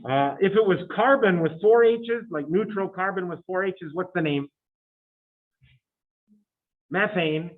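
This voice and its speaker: A fairly high-voiced man teaching chemistry in a relaxed, chatty way and breaking into joking asides to his students. His recording sounds thin and tinny, like it came down a phone line. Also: unhurried, pauses often. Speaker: chemistry lecturer. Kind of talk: recorded lecture. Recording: tinny phone-like lecture audio.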